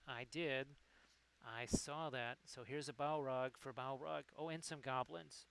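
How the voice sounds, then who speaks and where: A man's voice: medium pitch, fairly even intonation, unhurried, pushed and bright, clear, resonant tone, low-quality recording. A man hosting a casual livestream who rambles and reads chat messages aloud. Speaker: livestream host. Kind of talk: casual chat while painting.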